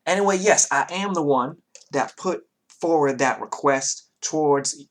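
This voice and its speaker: A man's voice: on the high side, unhurried, voice pushed up, close to an everyday voice. A man voicing a cheerful young lord of a horse town with a put-on Southern US accent, folksy and rambling.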